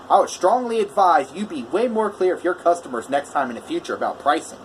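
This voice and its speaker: A man's voice: on the high side, a little fast, few pauses, slight background noise. A man, a welder, telling a customer story in a casual vlog, acting out both sides of a heated phone call. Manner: animated retelling, quoting both sides of a phone argument.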